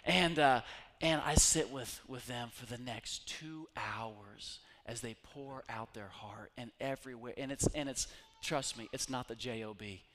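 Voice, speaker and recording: A middle-aged man preaching a sermon, telling stories and swinging between loud calls and hushed retelling. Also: mid-range voice, a little slow. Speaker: pastor.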